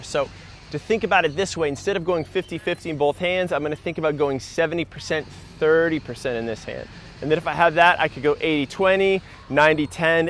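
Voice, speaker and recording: Outdoors near a park, a running coach gives an upbeat, instructive fitness demonstration, talking as he does push-ups. His voice is on the high side, with slight background noise.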